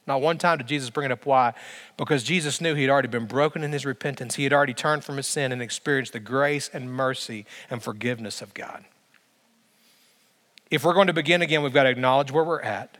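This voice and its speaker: A man's voice: a little high, animated, fairly bright tone. Emphatic preacher man in a reverberant hall. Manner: emphatic, building through repeated phrases with slow dramatic pauses. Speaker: pastor. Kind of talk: sermon. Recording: long reverb of a large hall.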